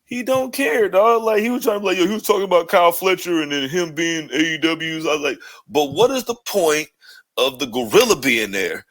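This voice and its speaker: A man's voice: sits high, fairly quick. A man co-hosting a podcast, ranting casually and profanely about wrestling. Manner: profane, rambling, animated. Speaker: podcast co-host.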